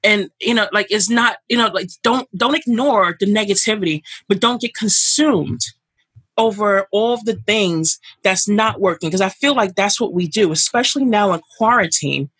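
Woman podcast guest, emphatic and animated, bright and husky, dry close sound. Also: mid-range voice, normal speed, no room sound. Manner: emphatic and animated, with many fillers. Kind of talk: candid conversational interview.

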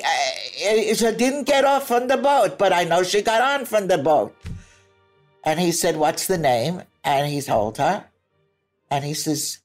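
An older woman and grandmother telling family stories with a lively, laughing delivery and acted-out quotes. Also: low-pitched. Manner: lively storyteller who laughs easily and acts out quotes. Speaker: grandmother interviewed by her grandson. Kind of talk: family storytelling.

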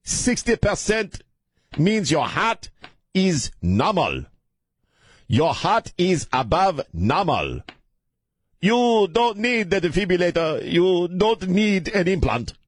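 A radio host putting on the voice of a small, blunt male cardiologist with a loud voice, speaking slowly and matter-of-factly. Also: big pitch swings, no room sound, studio quality, exaggerated voice. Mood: incredulous. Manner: slow, booming, matter-of-fact.

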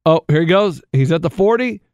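Male co-host, high and bouncy, gets loud and excited over replays, dry sound. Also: brisk, clean tone, no room sound. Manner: excitable play-by-play reactions. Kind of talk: casual chat.

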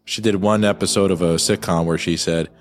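A man's voice: low-pitched, fairly even intonation, a little fast, faint music behind. A man cracking jokes in a casual watchalong chat about a film.

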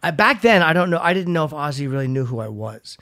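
A man's voice: on the high side, very animated, fast, sharp tone, dry recording, studio quality. A man hosting a podcast, telling rambling self-mocking stories in casual chat and swearing freely. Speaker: podcast host.

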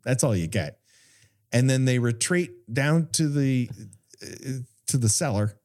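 A man talking on a podcast with a lively, swooping voice. He retells the plot with sarcasm and plenty of swearing, in an easygoing, chatty way. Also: medium pitch, measured pace. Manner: animated, profane, sarcastic retelling. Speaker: podcast co-host. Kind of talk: casual film chat.

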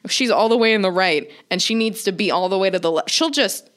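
A young woman co-hosting a casual podcast chat, telling stories and acting out quotes in bursts. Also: brisk. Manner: animated storyteller, acts out quotes with big pitch jumps. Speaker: podcast co-host.

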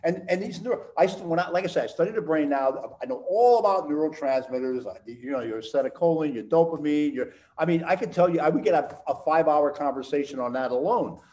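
An older man in his sixties, chatting as a guest on a podcast. He rambles with eager enthusiasm and repeats key words again and again for emphasis. His voice sits a little high for a man. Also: fast, few pauses, dark tone, poor audio. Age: 60s. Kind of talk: casual interview chat.

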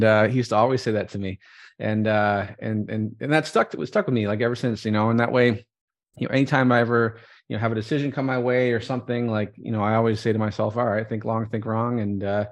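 A man who is an entrepreneur, speaking as a podcast guest in a relaxed way with many fillers. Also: medium pitch. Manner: rapid, filler-heavy, relaxed. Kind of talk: casual interview talk.

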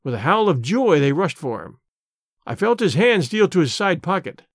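A man reading a story aloud in a measured, storytelling audiobook manner. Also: a little high, big pitch swings, dry recording, clean studio sound. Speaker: narrator. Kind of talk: audiobook narration.

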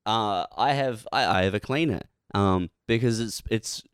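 Smooth, low-voiced man, dry mic. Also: unhurried, dry recording. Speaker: podcast co-host. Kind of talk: casual comedic chat. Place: podcast studio. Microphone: podcast mic.

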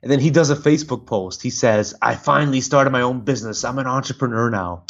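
A man talking as a podcast guest, telling stories in an animated way with many restarts. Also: medium pitch, quick pace. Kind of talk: casual chat. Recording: dull lo-fi audio.

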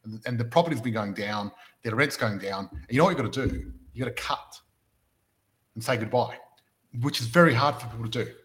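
Australian male podcast host, casual, story-driven, middle pitch. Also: brisk, a bit bright. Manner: storytelling, rhetorical questions. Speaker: podcast host and property investment mentor.

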